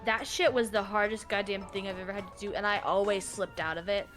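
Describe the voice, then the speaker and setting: A woman chatting casually alongside a game stream, quick to laugh. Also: mid-range voice, steady tone, fairly bright tone, soft background music. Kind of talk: casual chat.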